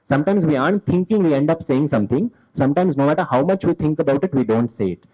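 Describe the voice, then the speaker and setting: A man's voice: fairly high pitch, animated, fast talker, husky. A man telling mythological stories live to an audience, asking questions and answering them himself. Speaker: storyteller. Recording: dull lo-fi event recording.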